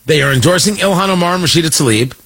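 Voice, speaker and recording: A man's voice: on the high side, lively intonation, fast, fairly bright tone, breathy edge, rough recording. A man delivering an opinionated political monologue, sarcastic and emphatic, repeating points for effect. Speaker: political commentator.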